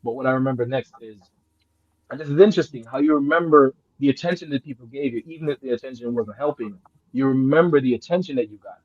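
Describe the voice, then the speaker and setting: A man who grew up in Jamaica, telling a story in casual chat, swinging between loud excited bursts and low murmurs, laughing and swearing often. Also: fast talker, dry recording, highs cut off. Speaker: guest.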